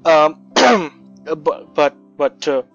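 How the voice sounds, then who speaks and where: Young guy doing a visual novel let's play, excitable and rambly, slightly high voice, dull lo-fi audio with music under it. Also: extremely slow, vocal fry. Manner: excitable, rambling, lots of restarts. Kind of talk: reading a visual novel with commentary.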